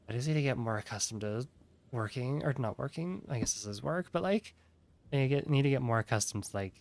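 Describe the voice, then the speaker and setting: A man's voice: mid-range voice, vocal fry, a little mellow. Sleepy, yawning young streamer guy. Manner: rambling, heavy use of "like". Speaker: game streamer. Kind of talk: casual stream chat.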